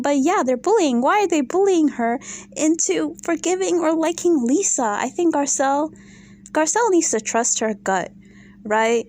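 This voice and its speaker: A woman with a high, bright-sitting voice talks straight to camera in a casual commentary vlog. She sounds exasperated and animated, stacking rhetorical questions as she picks apart a reality show. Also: normal speed.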